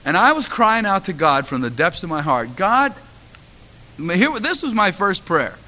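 A man's voice: high-pitched, very animated, measured pace, sharp tone. A middle-aged man, a pastor, delivering a sermon with impassioned storytelling that rises to fervent exhortation.

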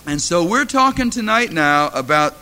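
A man's voice: high voice, lively intonation, moderate pace, sharp tone, clear, resonant tone. A middle-aged man, a pastor, delivering a sermon with impassioned storytelling that rises to fervent exhortation.

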